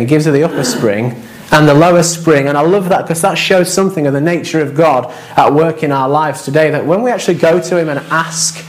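A man preaching a sermon as pastor, in a conversational, anecdotal way with quoted asides. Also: fairly high pitch.

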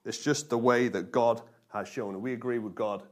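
A man preaching a lively sermon, drawing responses from his congregation and repeating key phrases for emphasis. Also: medium pitch, moderate pace. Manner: energetic, call-and-response with congregation, emphatic repetition. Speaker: pastor.

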